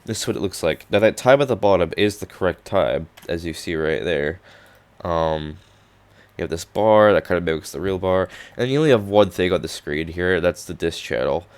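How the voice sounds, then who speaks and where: A young man with a low voice that has gone hoarse, clearing his throat now and then. He rambles casually through a walkthrough, full of "like" and "um" and half-finished restarts. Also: lively intonation, normal speed. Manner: rambling with many "like" and "um" fillers. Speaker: hobby programmer showing his projects. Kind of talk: casual screen-recorded walkthrough.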